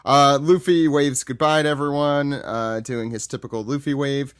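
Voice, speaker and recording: Chatty joking podcast co-host, dry sound. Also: male voice, mid-range voice, fairly even intonation, moderate pace, fairly bright tone, smooth, no echo. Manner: chatty and joking, loose rambling summaries. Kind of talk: casual chat recapping a manga chapter.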